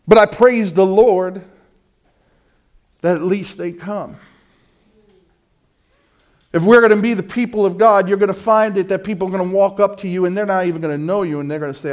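A middle-aged male preacher with a somewhat high voice delivers a sermon. He builds to loud, fervent peaks, then drops to a low, hushed storytelling tone. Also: steady tone, normal speed.

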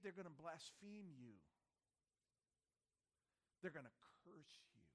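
A man voicing God the Father in a sermon, giving solemn, repeated declarations. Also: high voice. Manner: declaring, repeating each line. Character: God the Father, solemn commanding divine male.

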